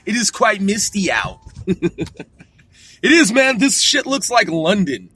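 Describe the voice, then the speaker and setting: A man's voice: high voice, very animated, takes it slowly, pauses often, sharp tone, a little hiss or hum. A man hosting a rambling solo talk from a car, loose and profane, laughing at himself. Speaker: podcast host.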